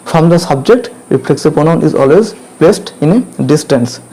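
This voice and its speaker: A man teaching grammar, repeating each point and checking in with questions like "clear?". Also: a little high, expressive, normal speed, warm tone, rough recording. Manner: repetitive, drills points again and again with checking questions. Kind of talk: classroom grammar lesson.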